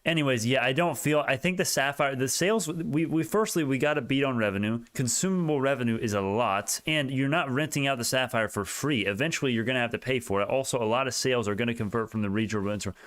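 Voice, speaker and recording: A young man hosting a casual stock market livestream, talking in an excitable, rambling way with many restarts. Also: mid-range voice, fast talker, hardly any pauses.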